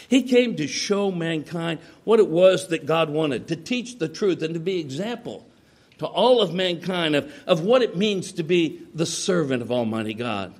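A man preaching a sermon, retelling stories with lively acted-out voices and frequent stammered restarts. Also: fairly high pitch, normal speed. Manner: animated storytelling, acts out quoted voices, stammering restarts.

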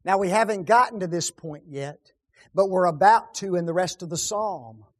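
A man preaching on a psalm, firing rhetorical questions and repeating key words, often dropping his voice to a hush. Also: high voice, moderate pace. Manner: rhetorical questions, dramatic drops to hushed tones. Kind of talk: sermon on a psalm.

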